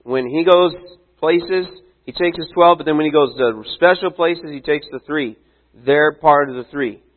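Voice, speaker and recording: A male pastor preaches in a relaxed, chatty way and keeps checking in with his listeners. His voice sits a little high for a man. The sound is thin and band-limited, like a phone line. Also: moderate pace. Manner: casual, conversational preaching with asides. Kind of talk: sermon.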